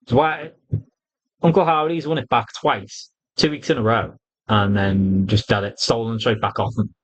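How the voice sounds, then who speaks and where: Male reviewer, mid-pitched, blunt and profane, animated retelling. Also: normal speed, low-quality recording. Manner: blunt, sweary, animated retelling with quoted voices. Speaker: wrestling reviewer. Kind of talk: casual opinionated review.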